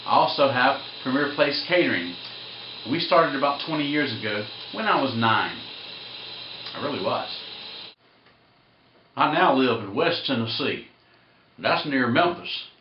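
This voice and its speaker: Middle-aged Southern caterer with a Georgia accent, loose and playful, in a roomy, muffled recording. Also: male voice, mid-range voice, animated, a little slow, pauses often, noisy background. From Savannah, Georgia. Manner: rambling, playful, switches into voices. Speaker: caterer and fruit carver. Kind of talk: casual comedic self-introduction. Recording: echoey, dull-sounding room.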